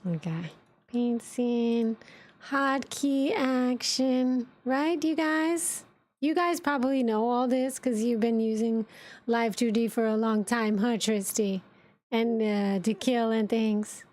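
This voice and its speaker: A woman VTuber streamer chatting casually with viewers, thinking aloud and giggling while she sets up her software. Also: fairly high pitch, steady tone, slow pace. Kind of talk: casual livestream chat while setting up software.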